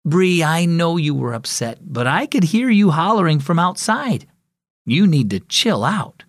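A man voicing a calm, reassuring mother in a children's story. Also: fairly high pitch, unhurried, dry recording, studio quality, full character voice. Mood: gentle. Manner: gentle, reassuring.

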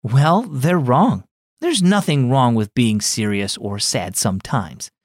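A man voicing a kind, thoughtful aunt who speaks gently and reassuringly. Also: medium pitch, lively intonation, takes it slowly, dry recording, studio quality. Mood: gentle.

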